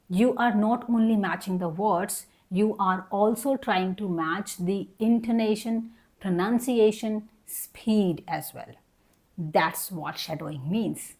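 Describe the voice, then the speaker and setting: A woman's voice: mid-range voice, unhurried, darkish tone. A young adult woman teaching an online English lesson. She explains each point patiently, repeats herself and models example sentences.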